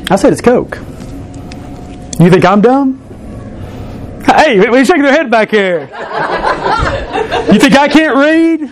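Man in his thirties, pastor, high voice, teasing sermon, faint background noise. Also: animated, slow, long pauses. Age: 30s. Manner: playful, teasing, banters with the congregation. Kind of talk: sermon with object lesson. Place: church.

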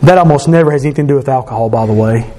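A man preaching a sermon, building rhythmic lists and rising to passionate shouts. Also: mid-range voice, rapid-fire. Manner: impassioned, rising to shouts on climaxes.

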